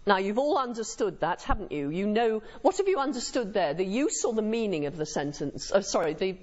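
A woman's voice: mid-range voice, sing-song, fairly quick, darkish tone. A woman lecturer giving a university lecture to a live audience in a lecture room, engaging them with frequent tag questions. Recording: muffled lo-fi lecture recording.

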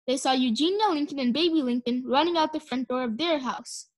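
A woman reads a children's storybook aloud in a high, bright voice. She is expressive and gives each character a voice of its own. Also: fairly quick. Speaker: audiobook narrator.

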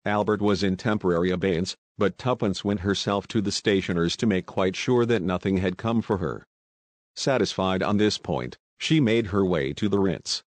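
A man with a low voice narrates a novel at a steady, even pace. The recording is dry and close, with no room sound. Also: moderate pace, no room sound. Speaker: audiobook narrator. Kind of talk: scripted narration.

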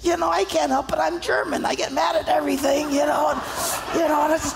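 A man's voice: very high voice, level tone, brisk, vocal fry, over music, pitched above the performer's own voice, exaggerated voice, poor audio. A preacher putting on the voice of a whining churchgoer who lists his endless troubles in a raised, exasperated voice. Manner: whiny, exasperated, shouting. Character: complaining man stuck in his troubles.

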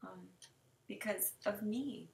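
A woman's voice: medium pitch, takes it slowly, creaky, a little mellow, a little hiss or hum. A woman in her forties reading her own teenage diary entries aloud, dramatic and tearful, with wry asides. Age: 40s. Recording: roomy sound from a distant mic.

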